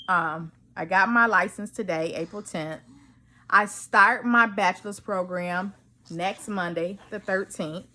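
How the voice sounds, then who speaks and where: A woman chats at home, excitedly telling a story and playing out both sides of her conversations. She talks slowly and unhurriedly, with a bright, forceful edge to her voice. A faint hiss of background noise sits under her voice. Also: medium pitch. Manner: excited, animated storytelling with quoted dialogue. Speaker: vlogger. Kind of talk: casual chat.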